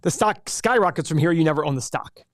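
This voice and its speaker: A man hosting a live investing class, explaining options with an energetic, animated sales-pitch manner. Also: fast, dry recording, studio quality. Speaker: host teaching an investing class. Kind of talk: live webinar teaching.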